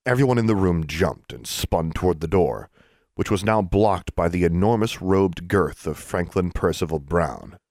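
A man narrating a fantasy audiobook in an expressive storytelling manner. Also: sits low, moderate pace, no echo, clean studio sound. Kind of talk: scripted narration.

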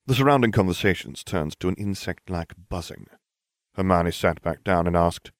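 A man reading a fan fiction story aloud as narrator in a dry, even-toned way, switching into lively character voices. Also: low-pitched, moderate pace, no echo.

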